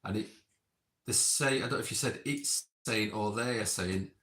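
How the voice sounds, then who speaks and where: Bright-voiced man in a roomy space. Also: on the low side, moderate pace. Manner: reads timestamps and quotes, chatty asides. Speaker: experiment host reviewing session notes. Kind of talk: casual recap reading out logged remarks. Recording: roomy echo.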